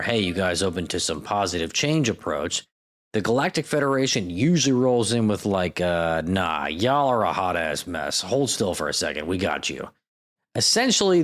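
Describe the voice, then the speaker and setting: A man hosting a scripted comedy podcast, narrating with sarcastic, self-mocking asides and dropping into silly voices. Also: medium pitch. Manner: lively, jokey delivery with silly voices. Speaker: podcast host.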